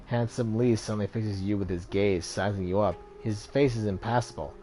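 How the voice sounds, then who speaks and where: A man's voice: lowish voice, steady tone, fairly quick, few pauses, dark tone, soft background music. A man hosting a let's play and reading the game's text aloud, often stumbling and correcting himself.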